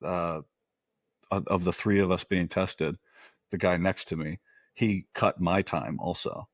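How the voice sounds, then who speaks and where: A middle-aged man and former soldier, casually telling profane, animated stories as a podcast guest. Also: low-pitched, measured pace, no room sound, studio quality. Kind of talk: casual storytelling.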